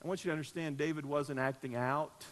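A middle-aged man preaching a sermon as pastor of a church, telling stories and swinging from loud emphasis to soft, low asides. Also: fairly even intonation, fast talker. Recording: echoey church hall.

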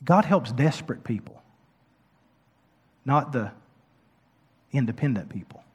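A man's voice: mid-range voice, lively intonation, unhurried, breathy edge, dull audio. Impassioned preacher man in a reverberant hall. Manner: impassioned preaching, building to loud emphatic peaks. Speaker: pastor. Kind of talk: sermon.

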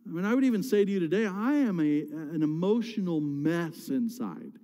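A middle-aged male pastor preaching frankly and emotionally, often restarting his phrases. His voice sits a little high yet sounds mellow and dark. A long hall reverb trails each line in the church. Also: expressive, brisk, hardly any pauses. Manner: candid, emotional, many restarts. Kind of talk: sermon. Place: church sanctuary.

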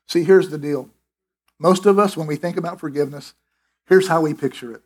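A man's voice: on the high side, fairly quick, darkish tone, husky. A middle-aged man preaching a sermon in an emphatic, conversational way, with restarts and asides. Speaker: pastor.

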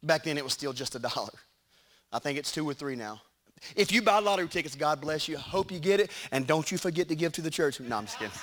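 A middle-aged man preaching a sermon in a church, animated, with shouted peaks and joking asides. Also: on the high side, fast. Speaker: pastor. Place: church sanctuary.

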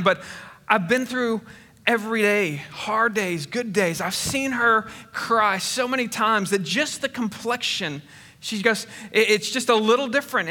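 A man's voice: high voice, bright, forceful tone. A middle-aged man pastor preaching a sermon in a church, speaking earnestly and conversationally with frequent restarts. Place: church sanctuary. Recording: reverberant church hall.

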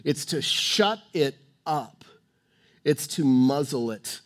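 A man preaching a sermon, emphatic, swinging between loud urging and hushed, quiet tones. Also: on the high side, lively intonation, takes it slowly.

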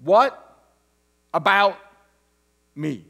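A man's voice: sits high, big pitch swings, slow pace, long pauses, a bit bright. A man, an interim pastor, preaching a conversational sermon with joking asides and frequent restarts. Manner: restarts and stumbles over words.

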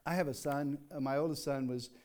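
An older man preaching a sermon in a folksy, conversational way, rising into emphatic reading and dropping to quiet asides. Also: fairly high pitch, steady tone, brisk. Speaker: pastor.

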